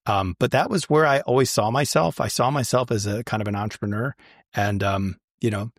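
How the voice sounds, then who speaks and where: A man's voice: fairly low pitch, fairly quick, dry recording, clean studio sound. A man telling stories about his life in a casual, chatty way, with many fillers and restarts. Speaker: guest. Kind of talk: casual storytelling.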